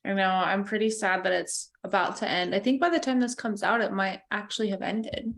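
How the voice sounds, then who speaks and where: A woman's voice: medium pitch, brisk, vocal fry. A woman in her thirties co-hosting a podcast, talking in an easygoing, sincere, rambling way. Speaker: podcast co-host. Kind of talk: casual chat.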